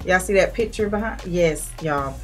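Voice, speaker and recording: A woman, chatting casually to viewers as she hosts a food review vlog and tells a lively story. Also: fairly low pitch, moderate pace, faint music behind. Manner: animated storyteller, addresses viewers directly. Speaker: vlog co-host.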